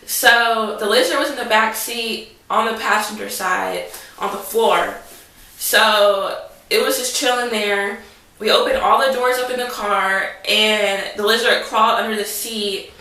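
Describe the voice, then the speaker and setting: A woman's voice: medium pitch, a little slow, pushed and bright. Young woman telling a dramatic story. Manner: rambling, dramatic, lots of "like". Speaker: vlogger. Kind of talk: casual storytelling. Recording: roomy echo, mic at a distance.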